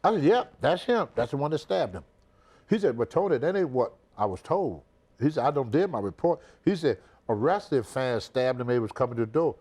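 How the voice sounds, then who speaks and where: An older American man, a retired wrestler, recounts a story in a shoot interview, animatedly repeating words and acting out the people in it. He speaks fairly quickly at a medium pitch with a slightly rough voice.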